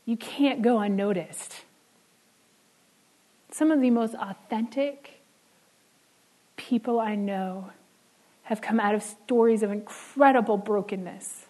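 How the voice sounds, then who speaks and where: A woman preaching a sermon in an earnest way, slowing down and dropping soft on key words. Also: a little high, low-quality recording.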